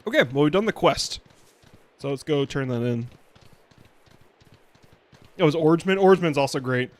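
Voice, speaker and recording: Lively, chatty male game streamer. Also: on the high side, moderate pace. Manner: rambling and chatty, with frequent fillers and laughter. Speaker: VTuber streamer. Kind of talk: casual let's-play commentary.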